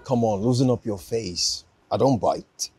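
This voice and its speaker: A smooth, persistent businessman, played by an actor, speaking in a very low, steady voice. He coaxes and pleads rather than raising his own voice. Quiet film music runs under the scene. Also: measured pace, close to an everyday voice. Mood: coaxing. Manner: coaxing, keeps urging calm. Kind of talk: film drama acting.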